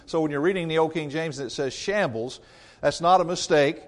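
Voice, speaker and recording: Emphatic preacher with a slightly high voice. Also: male voice, a little fast. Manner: emphatic, conversational, repeats a refrain. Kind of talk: sermon.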